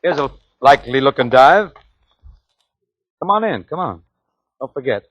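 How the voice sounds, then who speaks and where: An actor playing a brash, fast-talking young American traveler and narrator in a 1940s film comedy. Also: male voice, mid-range voice, animated, a bit bright, dry recording, highs cut off. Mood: bossy. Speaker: straight man and narrator.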